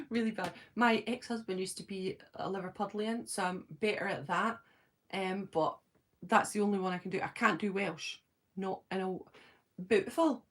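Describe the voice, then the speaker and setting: Chatty Scottish woman on a livestream. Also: mid-range voice. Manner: chatty, giggly, self-deprecating, lots of ums. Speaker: host of a fan live stream. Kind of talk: casual live-stream chat, reading comments.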